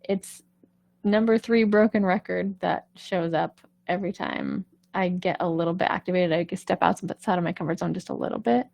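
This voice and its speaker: A woman's voice: fairly low pitch, moderate pace, creaky, a little mellow, dry recording. A woman vocal coach talking casually on a live stream, chatty and reassuring, often checking in with "right?".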